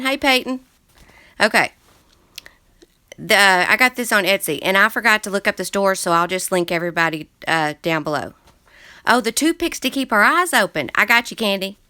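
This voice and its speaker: A woman's voice: medium pitch, bright, forceful tone, dry recording. A woman hosting a casual craft livestream from her book-filled craft room. She talks in a chatty, scattered way and greets viewers as she reads their chats aloud. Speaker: crafting channel host. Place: craft room full of books.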